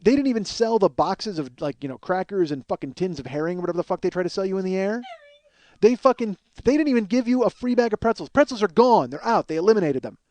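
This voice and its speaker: Fast-talking ranting podcast man. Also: sits high, lively intonation, darkish tone, no room sound. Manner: profane, ranting, self-mocking. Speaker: podcast host. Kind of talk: solo comedic storytelling monologue.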